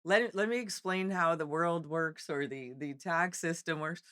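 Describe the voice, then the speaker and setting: A woman's voice: fairly low pitch, a little slow, a bit bright, clean tone, dry recording, studio quality. A woman co-hosting a casual podcast, upbeat and talking straight to her listeners, her voice worn from talking all week. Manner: upbeat, talks to listeners directly. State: losing her voice. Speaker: podcast co-host. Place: hotel event venue.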